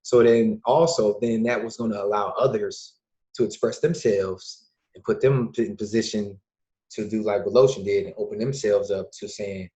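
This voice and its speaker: A man from Illinois, a podcast guest and youth mentor, talking casually and acting out quoted dialogue with lively changes of voice. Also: fairly low pitch, moderate pace. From Lake County, Illinois, USA. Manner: lively storyteller who acts out quoted dialogue. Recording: dull lo-fi recording.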